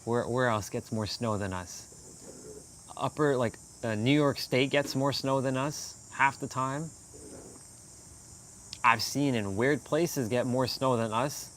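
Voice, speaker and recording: Man from Canada, mid-pitched, loose rambling live-stream chat, faint crickets behind. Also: takes it slowly, slight background noise. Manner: rambling, animated, laughs often.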